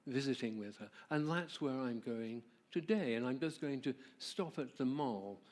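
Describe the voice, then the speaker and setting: A gentle, frail elderly German man speaks softly and haltingly, unhurried and devoted, as a man quoting him in a church talk voices him. His voice sits at a plain middle pitch. The words come in a low-key storytelling way. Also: animated, lightly acted.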